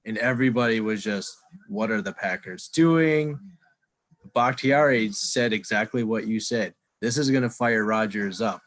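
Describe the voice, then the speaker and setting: A man's voice: on the low side, fairly bright tone. A man co-hosting a casual sports chat, joking and laid-back. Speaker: podcast co-host.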